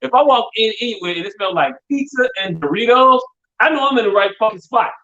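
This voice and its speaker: Middle-aged man, podcast co-host, loose profane storyteller; a bit high-pitched, dull lo-fi recording. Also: animated, fast talker, bright, forceful tone. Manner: rambling storyteller, profane, repeats "hey, look". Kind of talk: casual comedic chat. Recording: dull lo-fi sound.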